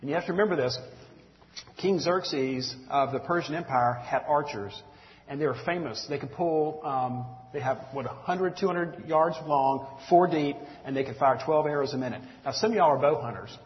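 A man's voice: fairly high pitch, normal speed. A man preaching a sermon to his congregation, conversational, with frequent ums and asides. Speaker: pastor. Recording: dull sound with long hall reverb.

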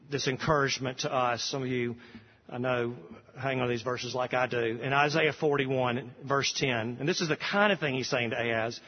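A male pastor preaching a sermon in an earnest way, slowing down and pressing hard when he reads scripture aloud. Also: mid-range voice, in a large hall, dull audio.

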